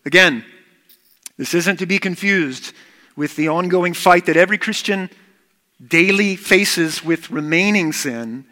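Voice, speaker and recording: A man's voice: sits high, a little slow, pushed and bright, big-room sound. A man preaching a sermon as pastor, earnest and emphatic, repeating key words.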